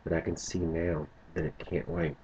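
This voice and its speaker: Guy reading out a scared protective young boyfriend, deep dark raspy voice, muffled sound. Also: flat delivery, moderate pace, a little hiss or hum, natural voice. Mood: pleading. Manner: pleading, then angry and insistent. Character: anxious, protective young man in love.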